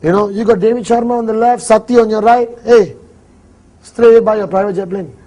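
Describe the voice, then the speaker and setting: A man with a Malaysian English accent training a seminar audience on prospecting, talking in an animated, joking way and acting out small dialogues. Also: high voice, fairly quick. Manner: animated, jokey, acts out little dialogues. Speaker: network marketing trainer. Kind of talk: live seminar talk.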